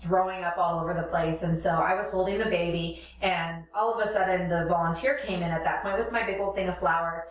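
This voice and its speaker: Mom in her 30s telling funny stories, kinda far from the mic, big room echo. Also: lowish voice. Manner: animated storyteller, acts out voices with laughter. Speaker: podcast co-host, mother. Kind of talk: casual chat. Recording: echoey room, mic at a distance.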